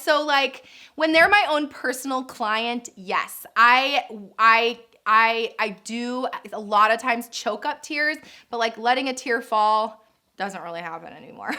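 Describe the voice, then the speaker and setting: A woman's voice: fairly high pitch, pushed and bright. A woman in her thirties, a birth coach and nurse, chatting through viewer questions in a casual vlog, gushing and laughing often.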